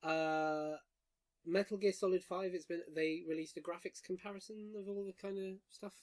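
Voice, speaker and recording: A man's voice: high-pitched, fairly even intonation, moderate pace. Man, podcast host, chatty games news, wry, rambling, fillers. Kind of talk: casual gaming news chat. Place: room, friends round a table.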